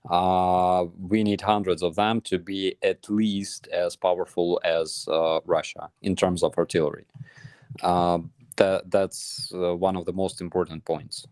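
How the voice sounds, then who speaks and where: A man with a Ukrainian accent talks slowly and haltingly, stopping often to find his words. His voice is smooth and clear, with a fairly low pitch, in a dry, close setting. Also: level tone, darkish tone, no echo. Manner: hesitant, many pauses and fillers. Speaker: guest soldier. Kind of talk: casual chat, storytelling.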